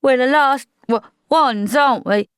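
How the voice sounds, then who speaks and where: A woman's voice: on the high side, unhurried, no echo, studio quality, pitched above the performer's own voice, close to an everyday voice. A woman voicing a nervous young male recruit who stammers and trembles as he speaks. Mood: shaky.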